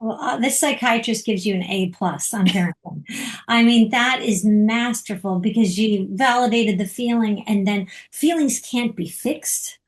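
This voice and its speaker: A woman's voice: mid-range voice, a little slow, rough recording. A woman psychiatrist moderating a talk, praising her guest with enthusiasm. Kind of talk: conversational interview.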